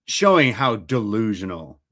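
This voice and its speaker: A man's voice: fairly low pitch, big pitch swings, a little slow, pushed and bright. A man co-hosting a casual film review podcast who swears freely and retells scenes with laughter.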